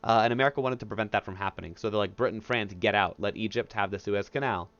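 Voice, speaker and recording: A man's voice: on the low side, fairly bright tone, dry recording, dull audio. A male history teacher giving a casual, conversational recorded lecture over a headset mic. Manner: casual, conversational, acts out historical figures in quick asides.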